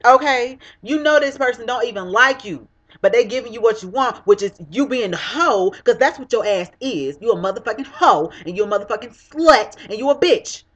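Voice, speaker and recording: A woman's voice: fairly high pitch, lively intonation, brisk. Young woman ranting bluntly on a vlog. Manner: blunt, profane, heated ranting. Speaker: vlogger. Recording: dull lo-fi webcam audio.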